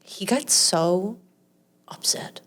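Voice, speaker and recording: A woman's voice: medium pitch, expressive, very slow, fairly bright tone, whispered. A woman in her thirties chatting casually as a podcast co-host, with wry, exasperated commentary. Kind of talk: casual chat.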